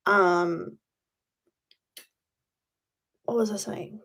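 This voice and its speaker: A woman's voice: on the high side, moderate pace, pauses often, a little mellow. A woman hosting a casual livestream, rambling, swearing freely and answering chat. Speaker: YouTube livestream host.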